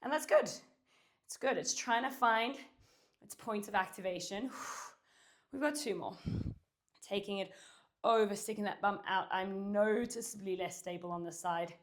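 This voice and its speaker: A woman's voice: mid-range voice, moderate pace, pauses often. Woman, pilates instructor, out of breath, counting reps while exercising, puffing between cues, home workout, distant camera. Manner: cueing and counting while exercising, with sighs and puffs. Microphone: far camera.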